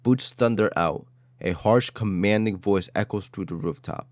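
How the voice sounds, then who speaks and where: Male story narrator, dramatic and clipped; low-pitched, dry sound. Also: moderate pace, a little mellow, dry recording.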